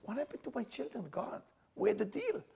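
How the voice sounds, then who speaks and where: A man's voice: big pitch swings, brisk, creaky, a little mellow, breathy edge, exaggerated voice. A man doing an aged patriarch pleading, voice soaring. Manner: pleading, voice climbing high.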